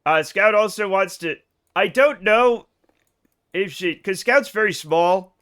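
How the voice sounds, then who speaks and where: Here a man from the United States live streams a game, his high voice smooth, fairly bright and unhurried. He chats loosely with viewers, cursing, poking fun at himself and restarting often.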